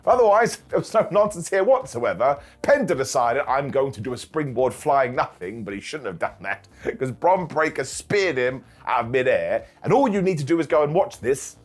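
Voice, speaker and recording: A man casually recapping a wrestling show as reviewer, animated and jokey, laughing often. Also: a little high, normal speed. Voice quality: bald-joke running gimmick host.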